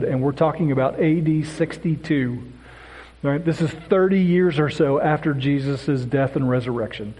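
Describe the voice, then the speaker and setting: A man's voice: on the high side, warm tone. A man giving a casual Bible lesson, often asking "right?" and stumbling over repeated words. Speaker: Bible teacher. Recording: echoey hall with long reverb.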